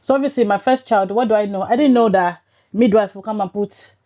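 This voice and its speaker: A woman in her forties, a podcast guest, telling her story in a lively, laughing way. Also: mid-range voice, a little fast. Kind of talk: casual chat, storytelling. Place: podcast studio.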